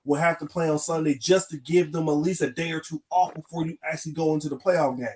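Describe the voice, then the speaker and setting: A man's voice: a little high, fairly even intonation, fast, a little mellow. Man talking sports in a light voice. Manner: explains things with hesitant restarts. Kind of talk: casual sports chat.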